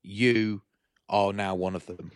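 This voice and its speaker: A man's voice: on the low side, fairly even intonation, slow, smooth, no echo, studio quality. A man co-hosting a podcast, joking and self-mocking in casual banter. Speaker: podcast co-host. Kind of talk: casual chat.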